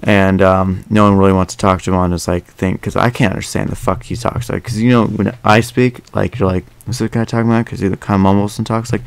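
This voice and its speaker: Young male podcast host, low gravelly voice, dry close sound, chatty and meandering. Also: level tone, fast talker, hardly any pauses, no echo. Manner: rambling, many fillers and restarts. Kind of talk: casual podcast chat.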